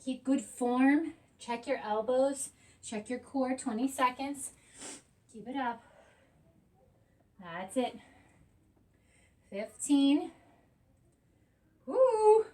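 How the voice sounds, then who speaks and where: This woman's high, darkish voice moves at a slow pace with frequent pauses as she leads a workout and does it herself. She's a fitness instructor in her thirties, counting reps down and cheering between breaths, captured at a distance by a camera on a tripod.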